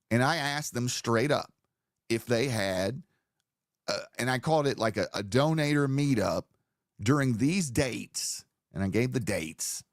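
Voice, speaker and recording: Male stream host, loose profane rambling talk, mid pitch, dry close sound. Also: no echo. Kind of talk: live stream commentary.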